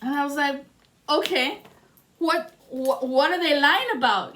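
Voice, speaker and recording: A woman's voice: high voice, moderate pace, a bit bright. A woman speaking as a spiritual reader in a passionate, profane rant to her viewers. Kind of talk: emotional monologue to camera.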